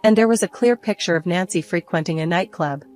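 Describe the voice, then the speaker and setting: An older woman calmly narrating a story in the first person. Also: lowish voice, a little fast, soft background music. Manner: calm, even storytelling. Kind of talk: scripted narration.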